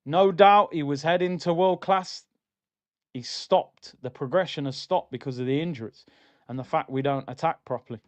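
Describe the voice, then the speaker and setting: Young guy ranting at his team on a watchalong stream, kinda high voice, fed up and slangy. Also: moderate pace. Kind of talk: live match reaction and reading chat.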